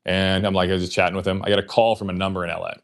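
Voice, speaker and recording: A man's voice: deep voice, flat delivery, racing. A man hosting a livestream, telling a long casual story in a rambling way, full of fillers and swearing. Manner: acts out remembered conversations in his telling. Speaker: livestream host.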